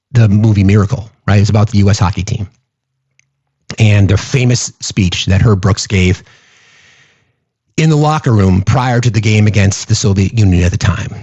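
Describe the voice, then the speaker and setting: A man's voice: fairly low pitch, darkish tone, no room sound, highs cut off. A man hosting a political commentary show, speaking emphatically and repeating phrases for stress.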